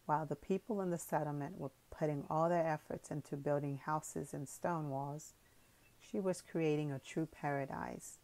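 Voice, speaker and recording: A woman narrating an audiobook with a low, deep voice. Her reading is calm and measured, telling the story at an even pace. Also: rough recording. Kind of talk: scripted narration.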